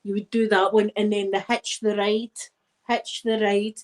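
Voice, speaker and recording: A Scottish woman hosting a casual live stream, chatting to her viewers in a rambling, lively way with plenty of asides. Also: on the high side, measured pace, poor audio. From Scotland.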